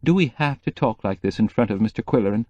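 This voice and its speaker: A man doing a gentle, murmuring woman. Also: on the low side, expressive, quick pace, no room sound, highs cut off. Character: gentle health-minded woman.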